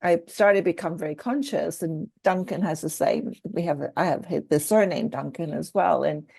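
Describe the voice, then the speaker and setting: A woman's voice: deep voice, moderate pace, creaky, mellow, husky, no room sound. A Scottish woman coach talking casually in a group video call, thinking aloud with restarts. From Scotland.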